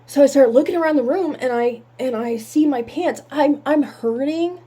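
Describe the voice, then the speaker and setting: A woman telling a painful personal story in halting words, holding back tears. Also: high-pitched, mellow.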